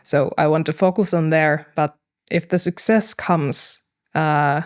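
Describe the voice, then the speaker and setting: A woman's voice: low-pitched, steady tone, a little slow. A young woman, a band's business person and vocalist, talking things over hesitantly in a casual podcast conversation. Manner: thoughtful, hesitant, with frequent fillers and laughs. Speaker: band manager and vocalist, podcast guest.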